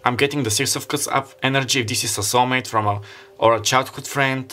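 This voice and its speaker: A man's voice: mid-range voice, steady tone, fairly quick, pushed and bright. A man giving a casual tarot reading, rambling and free-associating as he lays out the cards. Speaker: tarot reader.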